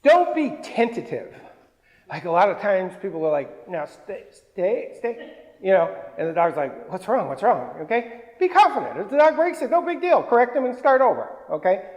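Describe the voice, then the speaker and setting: A man's voice: high voice, big pitch swings, brisk, lo-fi sound. A man dog trainer giving a hands-on lesson, mixing short firm commands with cooing praise for the dogs. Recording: long reverb, roomy hall.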